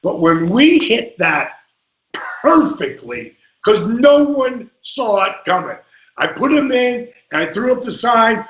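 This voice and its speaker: High-voiced man telling stories in an echoey room. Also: sing-song, takes it slowly, dull audio. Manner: acts out quotes, swings between hushed and shouted. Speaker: guest, former pro wrestler. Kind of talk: animated storytelling in a podcast. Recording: roomy echo.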